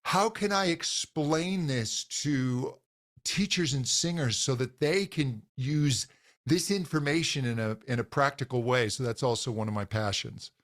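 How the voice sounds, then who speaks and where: A man in a relaxed interview, telling his story with eager enthusiasm. He restarts his sentences often and fills pauses with "um". His voice sits in a middle pitch and comes over a video call. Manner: enthusiastic, frequent fillers and restarts. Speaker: vocal coach guest. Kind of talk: conversational interview.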